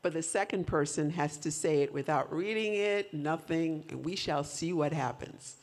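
A woman's voice: low-pitched, moderate pace, a little mellow. A woman leading a live audience through a whisper game, coaxing volunteers and laughing often. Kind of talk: lively audience participation.

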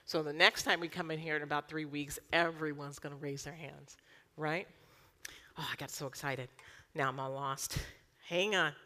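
A woman, preaching a lively sermon full of emphatic rhetorical questions. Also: sits low, normal speed, big-room sound. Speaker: pastor.

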